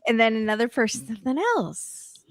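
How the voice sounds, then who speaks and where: A woman's voice: fairly high pitch, steady tone, brisk, dry recording, clean studio sound. A woman co-hosting a casual chat, cutting in with sarcastic jokes. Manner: sarcastic, joking asides. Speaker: podcast co-host.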